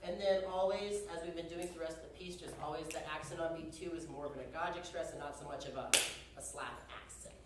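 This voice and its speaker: A man's voice: on the high side, fairly even intonation, fast, noisy background. A young man conducting a band rehearsal, chatty and joking as he gives instructions. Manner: chatty, joking, uses y'all. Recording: very echoey hall from far off.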